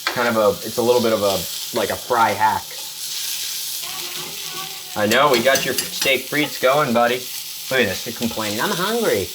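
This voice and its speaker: A man's voice: medium pitch, fairly even intonation, normal speed, long pauses, noisy background. A chatty, jokey man hosting a casual cooking demonstration in a home kitchen. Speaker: chef host. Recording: loud sizzling pan behind voice. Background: frying and sizzling.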